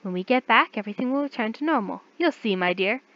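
A woman reads aloud as a possessive man who is a nation personified, soft-spoken and menacing. His voice comes across dry and a little muffled, with a dull low-fi sound. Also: animated, fast talker, no room sound. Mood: soft menace.

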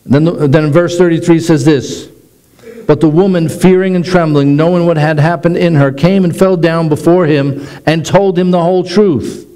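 A middle-aged man, a pastor, preaching a sermon with animated delivery that slows down for emphasis. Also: on the high side, low-quality recording.

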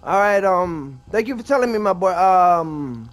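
A man's voice: high-pitched, animated, unhurried. A man giving casual gameplay commentary, apologetic and rambling, with a lot of slang and self-mockery. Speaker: gaming video creator.

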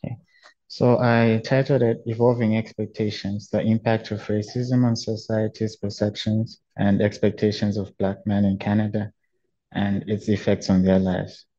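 Young man, from Zimbabwe, student presenter, flat delivery, lo-fi audio. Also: lowish voice. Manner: plain, slightly halting explanation. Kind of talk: webinar presentation. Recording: dull lo-fi audio.

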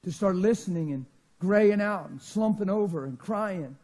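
A man preaching a sermon in a church, telling stories that swing from loud bursts to hushed quiet. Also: high-pitched, moderate pace.

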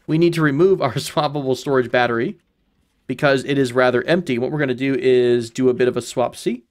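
A man casually commenting on his own gameplay, thinking out loud, correcting himself and chuckling now and then. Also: fairly high pitch. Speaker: gaming channel host. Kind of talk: casual let's-play commentary.

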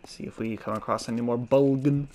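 A man's voice: mid-range voice, steady tone, fairly quick, a little mellow. A man giving casual, joking gameplay commentary, swearing now and then and laughing at his own puns. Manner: chatty, swears, mock-corny jokes. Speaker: let's play gamer. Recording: game music behind voice. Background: game music and sounds.

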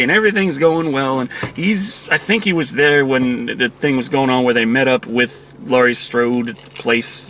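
A man's voice: medium pitch, bright, forceful tone, slight background noise. A man giving a casual, profane movie review, exasperated and acting out quotes from the film.

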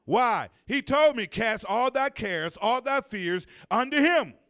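A pastor with a very high-pitched, somewhat bright voice and lively intonation preaches in a church sanctuary. He calls on the congregation to answer back and draws out key phrases for emphasis.

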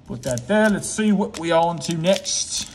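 A man's voice: on the high side, lively intonation, moderate pace, a little mellow, a little hiss or hum. A man hosting a casual card-opening chat with a friend, joking and teasing while calling out the cards. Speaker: channel host.

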